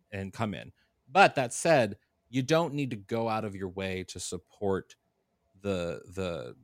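A podcast co-host in his forties chats casually in a low-sitting voice, thinking aloud in a loose way and stammering and repeating words. There is no echo.

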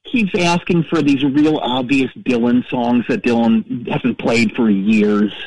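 An actor playing a petty, self-righteous middle-aged rock-fan caller who rambles and stammers through a comedic call-in story. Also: male voice, medium pitch, steady tone, slow pace, a little mellow, dry recording, rough recording. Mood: indignant.

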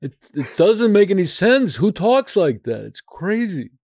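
A man doing a gruff cranky old actor. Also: sits high, sing-song, measured pace, darkish tone, no room sound, clean studio sound, pitched above the performer's own voice, heavily acted. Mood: irritated. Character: gruff elderly male actor, blunt and cranky.

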